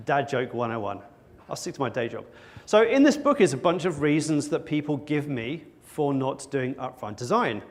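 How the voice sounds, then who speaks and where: A man giving a conference talk to an audience, wry and joking at his own expense. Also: mid-range voice. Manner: wry, with self-mocking jokes. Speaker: conference speaker. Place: conference stage before an audience.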